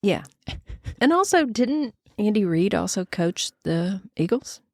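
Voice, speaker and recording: A woman, co-hosting a podcast in casual chat, chatty and excitable and quick to cheer. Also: medium pitch, no room sound, clean studio sound. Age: 50s. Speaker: podcast co-host.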